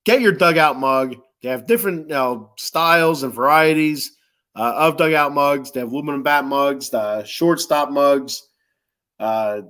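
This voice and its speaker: The man hosting this sports podcast speaks in a fairly high, slightly bright voice. His casual sponsor reads wander and joke, heavy with fillers.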